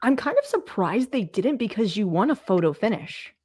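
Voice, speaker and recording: A woman's voice: mid-range voice, very animated, moderate pace, darkish tone, husky. A woman podcast host asking questions in a casual interview.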